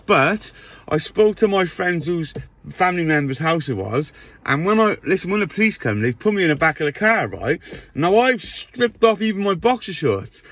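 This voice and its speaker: A man's voice: a little high, fairly bright tone, no room sound. A man telling a rambling storytime monologue, often checking in with his listener. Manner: rambling, checks in with "right?" tags.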